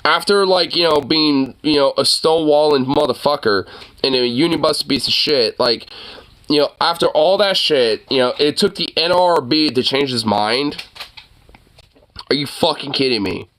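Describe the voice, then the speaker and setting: A man hosting a casual chat, reacting to a news clip with excited, profane rants. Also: a little high, moderate pace.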